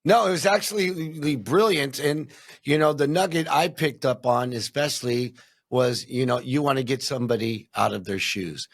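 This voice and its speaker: A male interview host with a gravelly, husky voice. He responds eagerly and thinks out loud, and the recording is dry and close. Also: medium pitch, normal speed, dry recording. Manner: enthusiastic, thinking aloud with many "you know"s. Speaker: podcast host. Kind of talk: casual interview chat.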